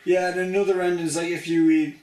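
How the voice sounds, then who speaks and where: A high-pitched man chats excitedly about a video game, jumping into characters' lines as he goes. He sounds distant from the microphone in an echoey room. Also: fast. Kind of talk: casual chat. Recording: roomy, distant from the mic.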